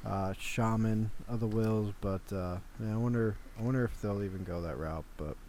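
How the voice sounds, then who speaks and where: A man's voice: on the low side, moderate pace, a little mellow, slight background noise. A man co-hosting a podcast, musing casually and trailing off into asides. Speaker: podcast co-host. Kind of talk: casual chat.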